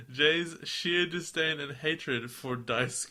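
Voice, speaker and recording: A man's voice: a little high, drawn-out words, pushed and bright. A young man co-hosting a podcast in casual chat, trading dry jokes. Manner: dry, joking banter. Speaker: podcast co-host.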